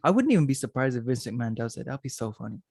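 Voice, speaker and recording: A young man chats and jokes his way through a casual podcast, quick with silly ideas. His voice sits in the middle range. The sound is dry and close, with no room echo. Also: mid-range voice, expressive, darkish tone. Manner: joking, playful, chatty. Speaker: podcast co-host. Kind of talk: casual chat.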